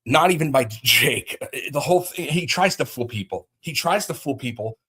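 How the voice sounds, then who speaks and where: A man's voice: a little high, lively intonation, moderate pace, pushed and bright, slightly rough. A man hosting a livestream, ranting agitatedly about a feud, with frequent restarts. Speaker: livestream host. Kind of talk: livestream commentary.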